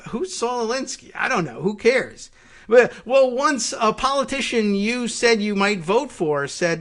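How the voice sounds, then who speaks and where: A man with a higher-than-usual voice hosts a political podcast. He talks through the news in a sarcastic, mocking monologue, slipping into put-on voices of the people he criticizes. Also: expressive, moderate pace, a bit bright. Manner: sarcastic, mocks opponents with put-on quotes. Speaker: podcast host.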